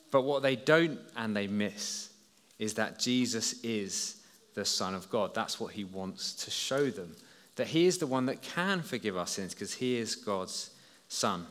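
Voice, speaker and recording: A man preaching a lively story sermon to a congregation, addressing them directly and drawing them into the scene. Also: fairly low pitch. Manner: lively, storytelling, talks to listeners as "you". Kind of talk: children's talk sermon. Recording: long hall reverb.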